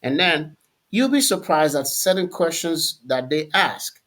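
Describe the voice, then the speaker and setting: A man hosting an interview, reflective in manner and quick with short affirmations. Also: fairly high pitch, lively intonation, a bit bright. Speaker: interview host. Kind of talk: conversational interview.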